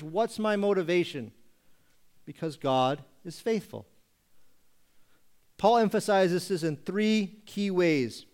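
A male pastor preaching a sermon in a church, asking rhetorical questions and slowing down to stress scripture. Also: fairly high pitch, smooth.

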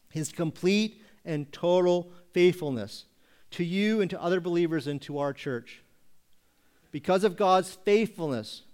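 Man preaching, slightly high clear voice. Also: a little mellow. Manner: preaching with rhetorical questions, slows for emphasis on scripture. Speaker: pastor. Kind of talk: sermon. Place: church.

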